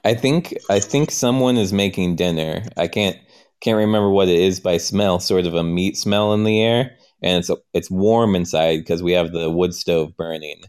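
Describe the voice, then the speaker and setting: A man's voice: deep voice, darkish tone, smooth. A man playing along in an improvised story game, narrating his own actions with hesitant restarts and questions. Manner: halting, questioning, self-narrating. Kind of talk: improvised role-play.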